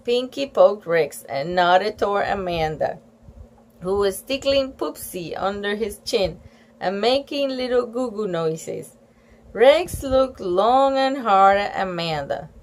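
A woman's voice: medium pitch, animated, takes it slowly. A woman reading a children's picture book aloud, with gushing, giggly asides between pages. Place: home room with a fan running.

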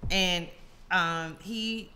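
A woman co-hosting a casual group podcast chat, telling stories in an animated way. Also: on the low side, drawn-out words. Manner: animated storyteller, mimics people. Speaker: podcast co-host.

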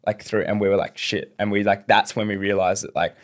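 A man's voice: fairly low pitch, flat delivery, quick pace. A young man telling a long story as a podcast guest, rambling through fillers and restarts. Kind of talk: casual storytelling.

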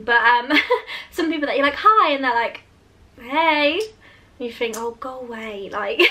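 A woman's voice: high-pitched, pushed and bright. A young woman in her twenties, chatting casually while doing a hair tutorial, giggling often and using lots of fillers. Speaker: beauty vlogger.

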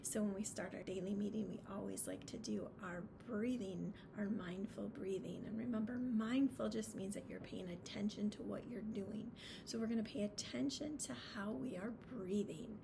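Lady teacher talking to little kids, soft and patient, bit of vocal fry, some hiss in the background. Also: medium pitch, normal speed, few pauses. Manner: gentle, patient, encouraging, speaks simply to small children. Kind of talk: morning meeting lesson for young children.

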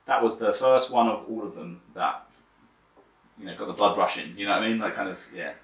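Gravelly low-voiced man telling tales in an echoey room. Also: brisk. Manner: swears freely, animated storytelling. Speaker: guest. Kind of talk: casual chat. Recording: echoey room, mic at a distance.

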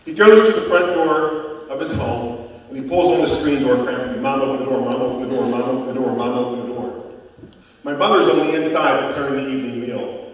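A man in his fifties telling a personal story as a guest speaker, dramatic and emphatic, his loudness rising and falling. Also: on the high side. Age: 50s. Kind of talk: motivational storytelling talk. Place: school auditorium. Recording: echoey hall from far off.

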